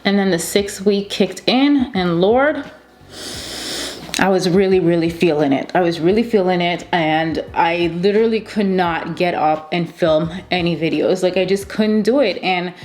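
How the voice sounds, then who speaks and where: Chatty woman in her thirties, slightly low voice. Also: moderate pace. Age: 30s. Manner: chatty, animated storytelling with repeated emphasis. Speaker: beauty vlogger. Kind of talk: casual chat to camera.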